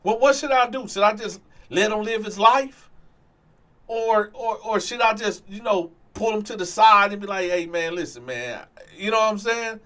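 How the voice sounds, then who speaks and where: A man hosting a storytime channel, talking straight to his viewers in an animated way, with frequent "y'all" and stammered restarts. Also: high voice, normal speed. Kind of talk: casual storytime monologue.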